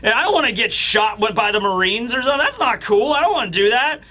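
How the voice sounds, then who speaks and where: A man's voice: a little high, very animated, drawn-out words, darkish tone, pitched below the performer's own voice, exaggerated voice. A man voicing a group of whiny young giant children who protest indignantly.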